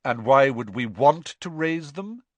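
A man's voice: medium pitch, animated, measured pace, no room sound, lo-fi sound, voice pushed up. A man voicing a disdainful schoolboy who speaks in a cold, sarcastic drawl. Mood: sneering.

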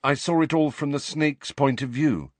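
A man's voice: a little high, normal speed, dry recording, voice pushed up, lightly acted. Man voicing Harry, an urgent teenage boy. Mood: frustrated. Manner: urgent, emphatic. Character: teenage boy wizard, frightened and impatient.

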